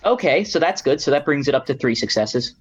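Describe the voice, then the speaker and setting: A player speaking casually during a tabletop game, chatting about rolls with quick asides. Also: medium pitch, animated, dull audio.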